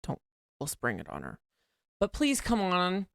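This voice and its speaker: American male podcast host, gushing and theatrical, with a creaky voice. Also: sits high, wildly swooping pitch, unhurried, a bit bright, no room sound, clean studio sound. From West Virginia. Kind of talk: casual chat.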